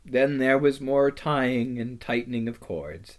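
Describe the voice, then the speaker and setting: A man reading a storybook aloud in a measured, dramatic way. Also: mid-range voice. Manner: slow, measured, dramatic delivery. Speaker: narrator.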